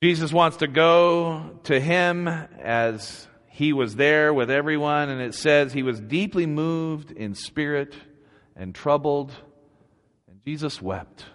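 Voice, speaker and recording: Slow, earnest preacher man in a reverberant hall. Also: fairly high pitch, fairly bright tone. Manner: slow, earnest, conversational preaching with rising emphatic peaks. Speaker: pastor. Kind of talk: sermon. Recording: long reverb of a church hall.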